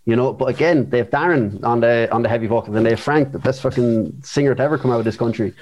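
A man's voice: medium pitch, quick pace, a little mellow, highs cut off. A man with an Irish accent, a guest vocalist in a casual chat, talking in a rambling, hesitant way with fillers and swearing.

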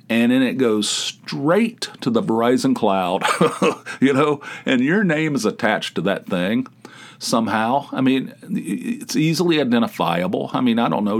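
A man hosting a solo comedic podcast, telling rambling anecdotes in an incredulous way. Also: medium pitch. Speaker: podcast host.

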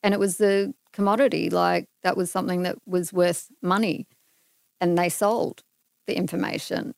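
A woman's voice: fairly low pitch, normal speed, creaky, no room sound, clean studio sound. A middle-aged woman from Australia, a podcast guest telling a personal story in casual conversation and acting out the dialogue. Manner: animated, acts out dialogue in her stories.

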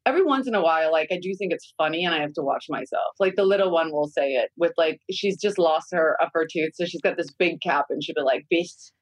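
A woman in her forties chatting candidly on a podcast, telling lively parenting stories and swearing freely. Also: low-pitched, fast, hardly any pauses, dry recording, rough recording. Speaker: guest consultant. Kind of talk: casual podcast chat.

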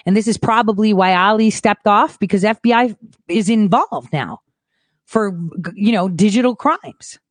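A woman host delivering a frustrated ranting monologue, blunt and swearing freely, swinging between hushed mutters and loud boasts. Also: medium pitch, moderate pace, dry recording.

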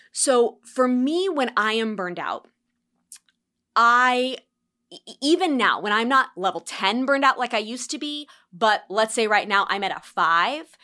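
A woman's voice: medium pitch, pushed and bright. A woman in her thirties hosting a solo podcast, talking earnestly and acting out sighing self-critical thoughts. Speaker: podcast host.

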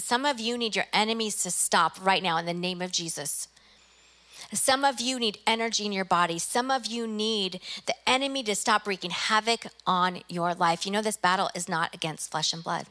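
A woman's voice: medium pitch, bright, forceful tone. A middle-aged woman pastor preaching a sermon, emphatic and exhorting, often repeating phrases for effect.

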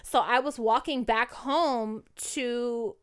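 A woman's voice: a little high, slow, smooth. A young adult woman co-hosting a podcast, telling a long story in casual, slangy, profane chat. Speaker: podcast co-host.

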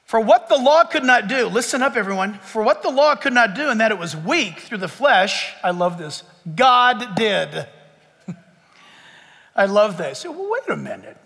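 A man preaching a lively sermon in a church, acting out the voices of his listeners. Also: sits high, a little slow. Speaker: pastor. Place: church sanctuary before a congregation. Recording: long church hall reverb.

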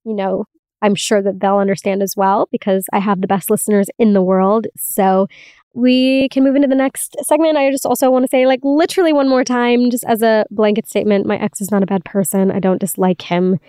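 A woman's voice: medium pitch, steady tone, a little fast, mellow, smooth, no echo, clean studio sound. A young woman hosting a solo podcast, talking candidly and casually, laughing often and swearing now and then. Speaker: podcast host.

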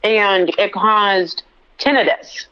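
Woman, mid pitch, chatty, lots of fillers, podcast chat, dull audio. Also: fairly even intonation, slow, sharp tone, clean tone. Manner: chatty storyteller, many "like" fillers. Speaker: podcast co-host. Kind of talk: casual chat.

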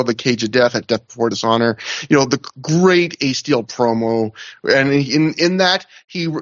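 A man's voice: fairly high pitch, a bit bright, no echo, lo-fi sound. A man co-hosting a wrestling history podcast, chatting casually with mock-outraged banter. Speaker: podcast co-host.

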